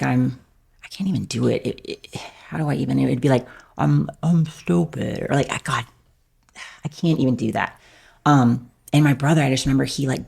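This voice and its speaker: Woman guest on a podcast, gravelly fry in her voice, rambly and candid, like like like. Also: a bass voice, a little mellow. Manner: rambling, fills every phrase with "like". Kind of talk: candid personal storytelling.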